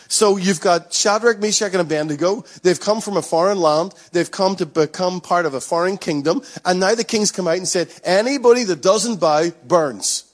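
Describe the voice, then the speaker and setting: A middle-aged man preaches from the pulpit in a slightly raised voice. He is earnest and emphatic and often repeats his key lines for weight. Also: high voice. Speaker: pastor. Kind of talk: sermon.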